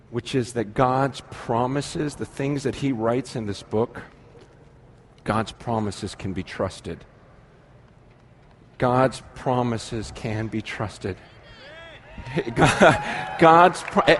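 A middle-aged man preaching a sermon as pastor, animated, swinging from soft asides to shouting. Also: mid-range voice, slight background noise.

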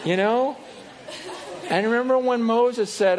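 Middle-aged pastor guy preaching, kinda high voice, gets animated then goes soft and confessional. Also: measured pace, some chatter behind. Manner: animated, acts out voices with rising pitch and loudness; drops to quiet confessional tone. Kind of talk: sermon.

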